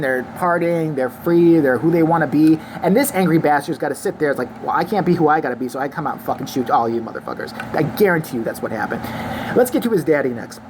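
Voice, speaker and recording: A woman's voice: low voice, background noise. A woman vlogger delivering an angry, crude, sarcastic opinion rant to the camera.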